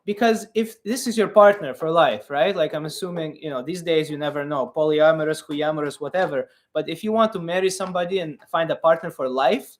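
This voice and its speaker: A man in his thirties hosts a live comedic advice stream, with a fairly high voice. He keeps a deadpan persona with broken English. His delivery rambles, full of fillers and restarts. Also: a little fast, few pauses.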